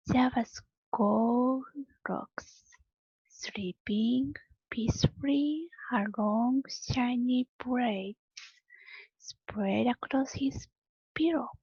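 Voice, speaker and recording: A woman teacher reading a storybook aloud to her students slowly and deliberately, with long pauses. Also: on the high side, mellow, husky, no room sound, lo-fi sound.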